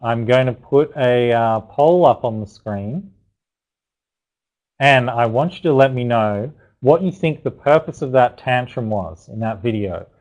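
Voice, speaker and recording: A man's voice: mid-range voice, measured pace, darkish tone, low-quality recording. A man presenting a live parenting webinar, chatty and encouraging, talking loosely with restarts and asides to his audience. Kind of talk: live online teaching webinar.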